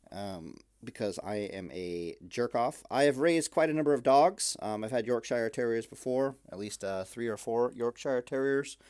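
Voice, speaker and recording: A man casually rambling in a vlog from his room at night, full of fillers and dry self-mocking jokes. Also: fairly low pitch. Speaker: gaming video creator.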